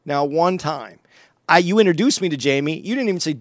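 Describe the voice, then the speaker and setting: A man's voice: fairly high pitch, animated, brisk, no echo, clean studio sound. A man, a comedian who works as an opening act, confronting his podcast partner in a heated conversation and often stammering and restarting his sentences.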